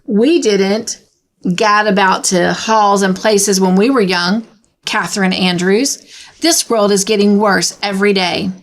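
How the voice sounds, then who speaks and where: A bitter, gloomy spinster in her late fifties, as a woman storyteller reads her, scoffing and contemptuous of everything. Her voice sits at an ordinary pitch for a woman, and the tone is that of a storybook read aloud. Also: steady tone, unhurried, natural voice. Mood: sour. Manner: contemptuous, pessimistic. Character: sour, gloomy old woman, fifty-seven.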